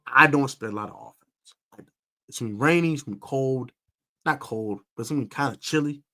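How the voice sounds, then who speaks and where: A sports podcast host with a mid-range voice talks a little fast. He's running a live stream football preview, emphatic and animated, repeating himself for stress and using fillers.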